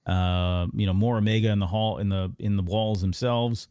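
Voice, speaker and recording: A man hosting a podcast, casually recapping an animated episode in a rambling way. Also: lowish voice, moderate pace, smooth, no echo, studio quality. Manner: rambling recap with many fillers and restarts. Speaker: podcast host. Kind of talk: casual episode breakdown chat.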